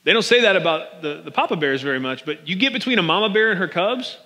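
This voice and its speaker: Bright-voiced pastor preaching in a hall. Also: male voice, high-pitched, animated, quick pace. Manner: casual and joking, addressing the congregation directly. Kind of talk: sermon. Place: large church hall. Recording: long reverb of a large hall.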